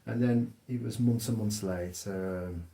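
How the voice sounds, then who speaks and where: Gravelly man telling stories. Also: fairly low pitch, unhurried, roomy sound. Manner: storytelling, animated. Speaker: co-host. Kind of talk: casual chat.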